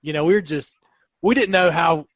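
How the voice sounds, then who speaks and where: A man's voice: fairly high pitch, moderate pace, slightly rough, no echo. A man, a dentist guest telling stories in a casual podcast chat. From Kentucky. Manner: storytelling, animated, restarts often.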